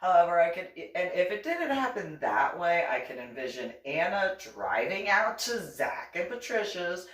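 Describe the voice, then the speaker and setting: A woman's voice: lowish voice, very animated, normal speed, few pauses, echoey room, recorded from a distance. A woman hosting her own channel, talking in a casual monologue, laughing often and mocking others with put-on quotes.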